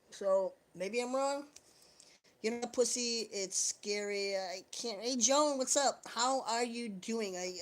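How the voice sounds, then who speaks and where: A woman talking straight to her viewers on a live stream, sliding loosely from one thought to the next and dropping curse words freely. Her voice sits a little higher than most. It has the loose, joking feel of someone chatting alone at home. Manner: profane, rambling, jokey. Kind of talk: casual livestream chat.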